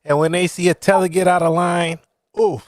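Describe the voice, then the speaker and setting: Chicago guy cohosting a podcast, high voice, slangy, cracks jokes. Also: fairly even intonation, normal speed, no room sound, studio quality. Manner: joking, slangy, sharp retorts. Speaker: podcast co-host. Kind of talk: casual chat.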